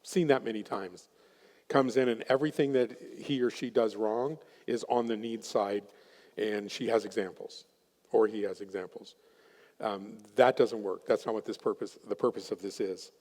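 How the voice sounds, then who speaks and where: A man's voice: on the low side, steady tone, normal speed, darkish tone, long reverb tail. A man presenting at a workshop, telling a counseling story and acting out his clients' voices. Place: chapel hall.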